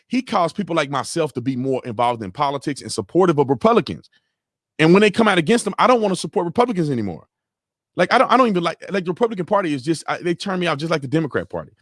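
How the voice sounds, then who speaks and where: A man hosting a casual livestream, talking in an animated, slangy way with lots of repeats. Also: fairly high pitch, no echo, studio quality. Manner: animated, repetitive, slangy, mimics sounds. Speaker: host.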